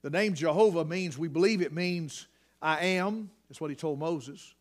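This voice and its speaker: A man preaching a sermon, swinging between hushed near-whispers and shouted emphasis. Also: fairly high pitch, normal speed.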